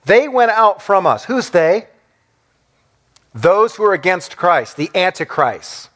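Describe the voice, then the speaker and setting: A male preacher delivers an animated sermon. His voice sits a bit high and rises and falls a great deal. He keeps asking his listeners rhetorical questions and briefly acts out the people he quotes. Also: slow pace. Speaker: pastor.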